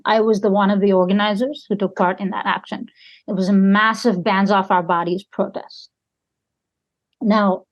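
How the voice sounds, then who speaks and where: A woman guest on a podcast, telling a story in an emphatic way and often checking in with her listeners. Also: medium pitch. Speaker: podcast guest and community organizer.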